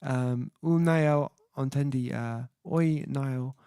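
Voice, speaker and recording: A man's voice: mid-range voice, slow pace, dark tone, clean tone, dry recording, clean studio sound. A man hosting his own music livestream, chatting casually and reading viewer comments aloud, hesitant with many fillers as he sounds out foreign words. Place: at home, indoors.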